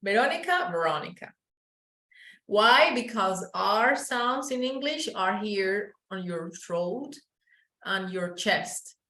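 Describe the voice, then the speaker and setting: A woman's voice: mid-range voice, sharp tone. Colombian woman teaching English in a roomy space. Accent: Colombian Paisa Spanish. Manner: explains slowly, switching into Spanish, modelling sounds. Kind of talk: online English class.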